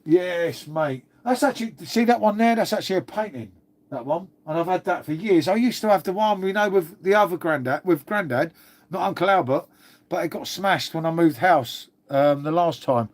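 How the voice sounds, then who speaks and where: A man's voice: on the high side, expressive, moderate pace. A man with a London-area English accent, from Old Windsor, chatting casually on a livestream while reading comments, swearing freely, calling everyone mate, and sounding congested with a cold. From England (Old Windsor, Berkshire). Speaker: livestream host.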